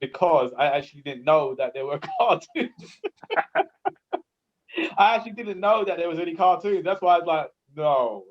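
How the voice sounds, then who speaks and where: A man's voice: fairly high pitch, moderate pace, long pauses, a little hiss or hum. A man co-hosting a casual podcast chat, talking in a rambling, hesitant way with lots of fillers. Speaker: podcast co-host. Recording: dull lo-fi audio.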